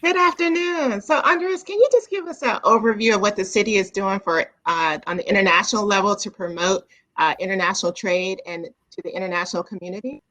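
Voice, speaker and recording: Woman, panel moderator, online summit, gracious thanks, mid-pitched voice. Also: lively intonation, fast talker. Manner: gracious, thanks speakers warmly.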